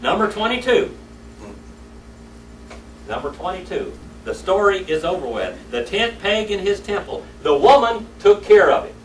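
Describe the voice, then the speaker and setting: A man's voice: sits high, sing-song, moderate pace, hardly any pauses, a little hiss or hum. A man teaching a church Sunday School class, telling folksy stories and quizzing his students. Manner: folksy storytelling, asks the class questions. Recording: echoey room, mic far off.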